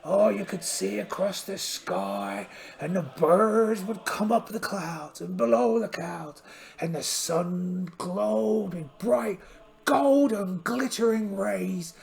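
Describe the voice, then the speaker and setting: A man doing a gravelly, hammy pirate captain. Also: high-pitched, slow, a little mellow, heavily acted. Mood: storytelling. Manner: theatrical, exclaiming, swooping delivery. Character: cheerful, blustering one-eyed male pirate captain. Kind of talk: solo tabletop game narration in character.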